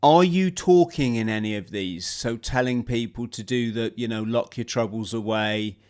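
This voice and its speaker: A man hosting a relaxed conversation, his voice smooth and resonant. He comes across as enthusiastic, and his sentences stop and start as he searches for the right words. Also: medium pitch, moderate pace. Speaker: host. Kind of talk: casual conversation.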